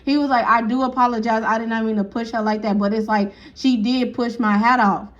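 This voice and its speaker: A woman's voice: fairly high pitch, a little fast, dull audio. A woman telling a casual storytime, acting out each person's lines and laughing often. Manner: animated, acts out quotes, laughs often.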